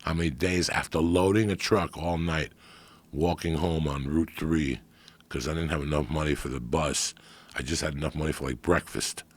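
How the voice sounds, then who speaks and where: A middle-aged comedian guest tells stories casually in a blunt, profane, streetwise manner. His extremely low voice is gravelly and raspy, with a steady tone and moderate pace.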